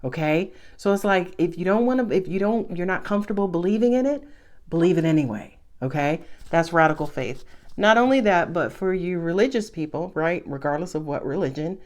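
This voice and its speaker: A woman's voice: lowish voice, expressive, brisk, darkish tone. Chatty, blunt woman reading tarot. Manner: chatty, blunt, laughs often, swears. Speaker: tarot reader. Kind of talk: casual tarot reading to viewers.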